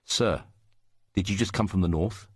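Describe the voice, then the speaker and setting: A friendly young man makes polite, eager conversation, as a man reads him in a storybook. The voice is extremely deep and dry, recorded close with no room sound. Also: normal speed, dry recording. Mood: courteous. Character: short strong young northern man, friendly.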